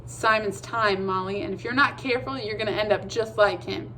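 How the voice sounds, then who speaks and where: A woman's voice: mid-range voice, fairly quick, sharp tone, a little hiss or hum, close to an everyday voice. Woman doing a lecturing know-it-all boy. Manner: lecturing, exasperated.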